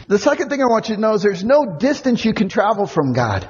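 Middle-aged male camp preacher, very husky high voice, long hall reverb, muffled sound. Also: fast talker, few pauses. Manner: animated storytelling, acts out kids' voices. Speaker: camp speaker. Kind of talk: youth camp sermon.

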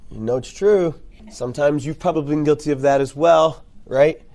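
A man speaking to youth ministry workers at a conference. He talks in an animated, conversational way, keeps checking in with "right?", and makes jokes. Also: fairly high pitch, normal speed. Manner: jokey, repeats key words for emphasis.

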